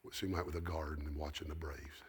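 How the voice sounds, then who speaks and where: A middle-aged man with a Southern American accent preaching a sermon, telling folksy stories that build up into shouted preaching. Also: a bass voice, level tone, quick pace, slightly rough. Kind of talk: storytelling sermon.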